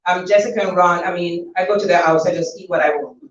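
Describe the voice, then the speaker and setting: Woman author, informal launch speech, animated storyteller; dull roomy recording. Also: lowish voice, quick pace, recorded from a distance, a little hiss or hum. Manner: chatty, laughing, animated storytelling. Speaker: author thanking guests at book launch. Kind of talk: informal thank-you speech at an event. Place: event hall.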